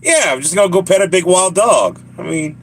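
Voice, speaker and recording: A man's voice: high voice, animated, brisk. Laughing joking man with a Southern accent. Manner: joking, laughing often, rambling to chat. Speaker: live streamer. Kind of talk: casual live stream chat.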